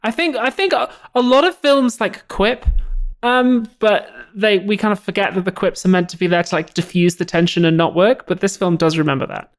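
A woman talks through a film's plot in a relaxed podcast chat, dropping wry jokes along the way. Her voice sits in a mid range. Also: mid-range voice, moderate pace. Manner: wry, jokey plot summaries. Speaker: podcast co-host. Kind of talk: casual film discussion.

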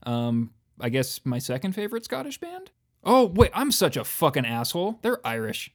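A man's voice: on the high side, huge pitch swings, normal speed. A man from the United States co-hosting a casual chat show, joking, swearing and mocking himself. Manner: self-mocking, profane, joking. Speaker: podcast co-host.

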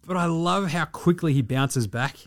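A man hosting a casual sports talk show, swearing freely and talking in a loose, animated way. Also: fairly high pitch, moderate pace. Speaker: podcast host.

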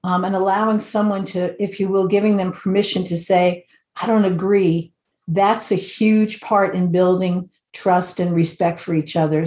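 Measured woman in an echoey room. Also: on the low side, warm tone. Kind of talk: panel discussion comments.

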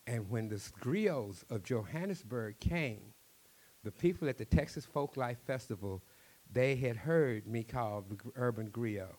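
Here a man with a mid-range voice and a Cajun accent recounts stories for an interviewer, lively and quick, with a habit of repeating words.

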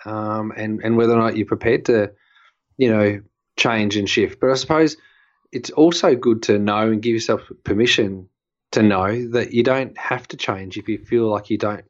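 A man's voice: fairly low pitch, fairly even intonation, moderate pace. Thoughtful man, lo-fi sound. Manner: thoughtful, musing. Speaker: podcast co-host. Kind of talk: casual chat. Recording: dull lo-fi sound.

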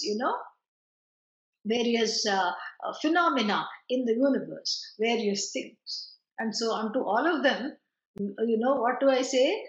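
A woman giving a chatty, digressive spiritual lecture, with quick laughs and asides. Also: on the high side. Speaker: teacher of scripture. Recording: roomy, dull lo-fi recording.

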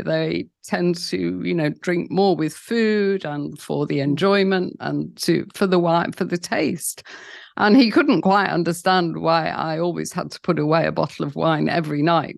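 Gravelly candid British woman in her sixties. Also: lowish voice, no echo, studio quality. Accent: British English. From Britain. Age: 60s. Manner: candid, frequent "you know" fillers, wry laughs. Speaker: guest. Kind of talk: personal storytelling interview.

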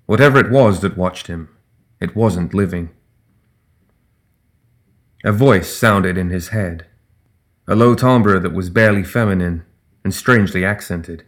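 A man narrating a fantasy audiobook in a steady, even storytelling voice. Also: low-pitched, a little slow, pauses often.

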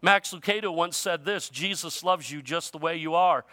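A male pastor preaching a sermon in a conversational way, using informal grammar, his voice shifting from loud emphasis to quiet. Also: on the high side, normal speed.

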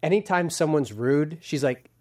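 A man's voice: on the high side, expressive, normal speed, darkish tone. A man who is a pastor, hosting an interview and asking teasing, joking questions in a casual way. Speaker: podcast host and pastor.

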